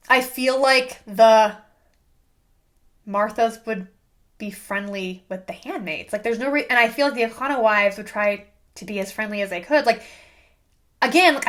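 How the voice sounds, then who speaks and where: A woman's voice: fairly high pitch, fairly bright tone. A young woman hosting a casual book review, ranting sarcastically with plenty of "like" fillers. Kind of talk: casual rant monologue.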